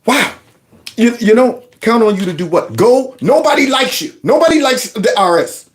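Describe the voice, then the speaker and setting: A man's voice: extremely high pitch, normal speed, slight background noise. A man hosting his channel, giving mocking reaction commentary on news clips. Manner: mocking, laughing, animated. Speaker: channel host.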